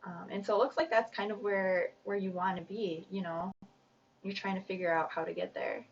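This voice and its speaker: Woman tarot reader, gravelly, rambling and chatty, recorded dull from a distance. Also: medium pitch, steady tone, moderate pace, slight background noise. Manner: rambling, chatty, self-conscious. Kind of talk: casual tarot reading.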